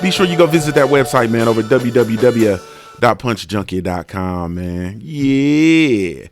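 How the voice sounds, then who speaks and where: A man's voice: fairly low pitch, moderate pace, music in the background. A man hosting a casual livestream, greeting viewers by name in a laid-back, slangy, sing-song way. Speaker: livestream host.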